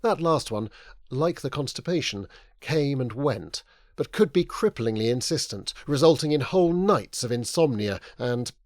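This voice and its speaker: A man reading a novel aloud as audiobook narrator, in measured, wry scripted narration. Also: mid-range voice, no room sound, clean studio sound.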